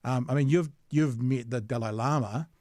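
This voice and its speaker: A man's voice: medium pitch, normal speed, a little mellow, no echo, clean studio sound. A man hosting a casual interview, asking rambling questions with restarts. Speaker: podcast host, interviewer.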